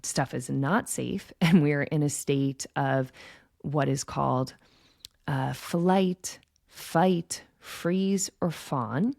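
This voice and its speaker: A woman speaks in a low, gravelly voice with a mellow, relaxed tone. She hosts her own podcast and explains ideas in a slow, gentle, reflective way, often pausing to ask "right?". The recording is dry and close, with no room sound. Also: no echo. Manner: gentle, reflective, frequent "right?" check-ins. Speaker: podcast host and intuition coach. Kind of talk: calm teaching monologue.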